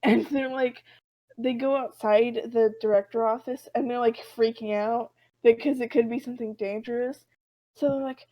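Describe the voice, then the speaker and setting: A woman co-hosting a casual podcast, retelling a comic with animated voices for the characters. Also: a little high, normal speed, rough recording. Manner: animated storytelling, acting out characters' lines. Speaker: podcast co-host.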